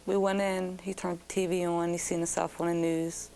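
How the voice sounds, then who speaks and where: A young woman with a Baltimore accent recounting being held hostage in a slow, shaken, subdued news interview. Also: fairly low pitch, monotone, darkish tone, rough recording. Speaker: former hostage recounting ordeal.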